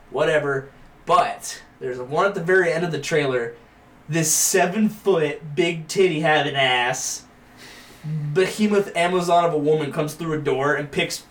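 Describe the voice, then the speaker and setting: A man co-hosting a podcast, chatting crudely, swearing a lot and laughing often. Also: a little high. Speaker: podcast co-host. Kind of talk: casual crude banter. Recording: echoey room, distant mic, faint hiss.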